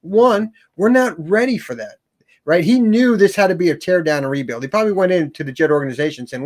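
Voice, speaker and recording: A man co-hosting a sports talk show, speaking in casual, animated chat. He tags his points with "right?" and repeats and restarts words. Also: sits high, fast.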